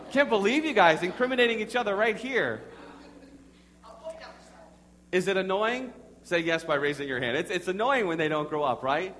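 Animated young pastor preaching in a hall. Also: male voice, on the high side. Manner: animated, addresses the congregation directly; storytelling with audience prompts. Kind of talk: sermon. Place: church sanctuary with congregation. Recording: reverberant hall with faint hum.

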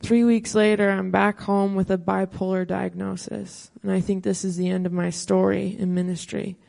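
A woman's voice: medium pitch, little pitch movement, normal speed, creaky, dark tone. A woman pastor in her thirties telling a personal testimony, earnest and storytelling, quoting her own prayers.

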